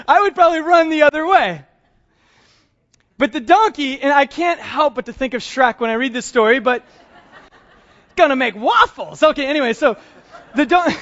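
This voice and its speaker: A man's voice: very high voice, expressive, normal speed, long pauses, a bit bright, muffled recording. A man preaching a sermon in a conversational, humorous way, chuckling often. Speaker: pastor.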